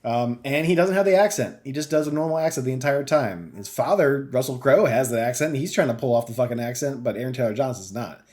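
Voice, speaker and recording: A man co-hosting a gaming podcast, talking casually, animated and swearing freely, with lots of fillers. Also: medium pitch, quick pace, few pauses. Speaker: podcast co-host. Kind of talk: casual chat.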